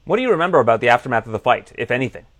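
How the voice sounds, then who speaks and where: A man interviewing a fighter, asking brisk conversational questions. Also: mid-range voice, sing-song, a bit bright, no room sound.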